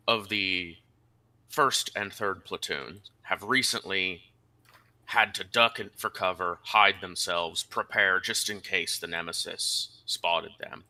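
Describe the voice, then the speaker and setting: Male game master, deep and punchy, theatrical announcer-style narration. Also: takes it slowly, long pauses, pushed and bright. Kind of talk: narrating a tabletop wargame campaign.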